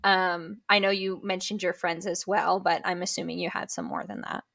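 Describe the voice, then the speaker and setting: A woman co-host asking the guest questions in a measured way, with some hesitant "um"s. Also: fairly low pitch, level tone, gravelly, a bit bright. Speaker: podcast co-host. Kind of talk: interview questions.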